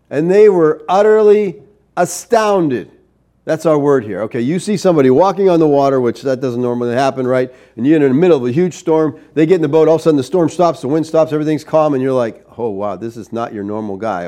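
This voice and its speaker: A middle-aged man preaching a verse-by-verse sermon. His voice sits a touch high for a man but sounds mellow and warm. He keeps checking in with the congregation as he teaches. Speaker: pastor.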